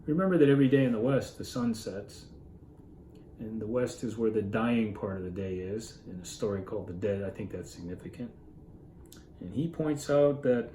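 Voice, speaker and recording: With a dark tone, medium pitch, and moderate pace, a literature reader earnestly walks through a classic story, explaining it casually, musing and fixing his own words as he goes. The low-quality recording has an echoey room and a bit of hiss or hum.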